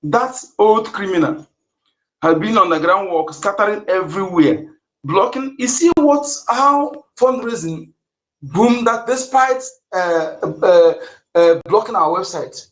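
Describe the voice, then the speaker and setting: A man's voice: sits high, lively intonation, unhurried, a bit bright, reverberant, rough recording. A man speaking heatedly and emphatically on an online audio space, repeating himself as he makes accusations.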